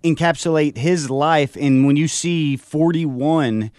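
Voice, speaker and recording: A man's voice: a little high, slow pace, darkish tone, no room sound, clean studio sound. A man in his thirties co-hosting a sports talk show, speaking in long, rambling sentences. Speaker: co-host.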